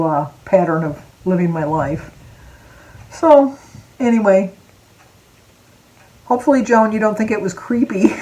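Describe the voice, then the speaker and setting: A woman in her sixties talks straight to her viewers, spinning a long, wandering story full of asides. Her voice sits at an ordinary middle pitch. She sounds close to tears yet keeps laughing between thoughts. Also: rough recording. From Michigan, USA. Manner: chatty and rambling, drifting off topic with asides and laughs. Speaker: vlogger. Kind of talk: casual personal storytelling to camera.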